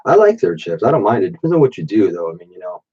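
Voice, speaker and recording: Husky, low-voiced man telling rambling stories. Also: big pitch swings, fast. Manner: profane, rambling, drinking while talking. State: stuffy runny nose from allergies. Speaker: live-stream host. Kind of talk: rambling late-night storytelling. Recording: dull, muffled default mic.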